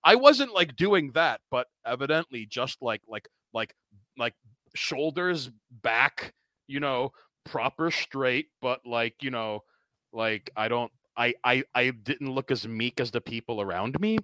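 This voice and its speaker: An American man telling stories on a podcast, animated and profane, filling pauses with likes and ums. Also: medium pitch, no room sound. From United States. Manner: animated storyteller, profane, many fillers. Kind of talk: casual conversation.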